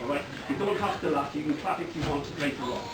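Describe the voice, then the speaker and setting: A middle-aged man giving a rambling, joke-filled father-of-the-bride speech at a wedding reception, breaking into loud bursts of praise. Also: on the high side, animated, fast, over a noisy crowd. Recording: echoey hall, from far off, loud background noise.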